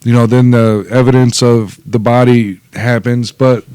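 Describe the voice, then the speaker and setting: A relaxed male co-host chatting through a show review, tossing in "dude" as he goes. His mid-pitched voice is recorded dry and close, with no room echo. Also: a little slow, smooth. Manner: laid-back, says "dude" often. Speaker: podcast co-host. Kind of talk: casual review chat.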